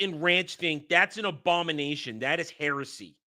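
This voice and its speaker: Man from New York, bright tone, mock-outraged profane rant, casual streaming chat. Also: on the high side, moderate pace. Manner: profane, mock-indignant ranting. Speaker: streamer reacting to clips. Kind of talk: casual livestream commentary.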